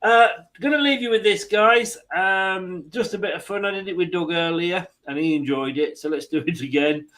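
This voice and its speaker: A man's voice: sits high, moderate pace, few pauses, a bit bright, rough recording. A man from England hosting a casual football chat, chatty, laughing often and restarting his sentences. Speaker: host.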